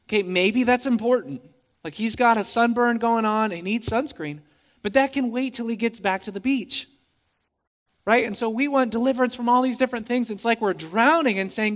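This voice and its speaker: A man with a notably high voice preaches to his congregation. He keeps it conversational and animated, tossing in wry jokes and stumbling over repeated words as he builds his point. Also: normal speed. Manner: lively, conversational preaching with humorous asides; emphatic, repeats words as he speaks. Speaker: pastor. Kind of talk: sermon.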